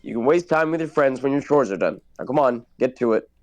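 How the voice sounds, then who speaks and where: A man voicing a gruff, impatient middle-aged farmer who talks bluntly and curtly. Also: mid-range voice, expressive, fast talker, a little mellow, dry recording, faint music behind, close to an everyday voice. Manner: blunt, curt.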